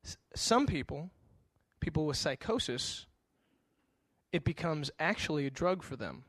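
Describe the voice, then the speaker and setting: A man's voice: fairly high pitch, lively intonation, a little slow, fairly bright tone, no echo. A middle-aged male pastor giving a conversational sermon, telling stories with animation and frequent stammered restarts.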